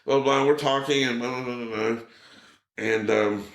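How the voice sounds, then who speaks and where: A man in the middle of the pitch range spins animated stories as a podcast guest, jumping into other people's voices as he goes. He swears casually and talks in an easy, chatty way. The room around him is noticeably echoey. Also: normal speed, creaky. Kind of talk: casual storytelling. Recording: roomy echo.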